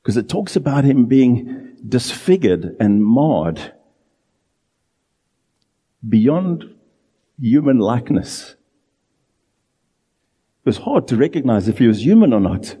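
A man preaching a sermon in an earnest, emphatic way, drawing out key phrases slowly. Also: medium pitch, sing-song, warm tone, husky, big-room sound.

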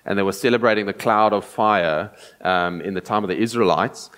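A man preaching a sermon in a fairly low voice. He talks earnestly and repeats his key phrases to drive each point home. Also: brisk, a bit bright.

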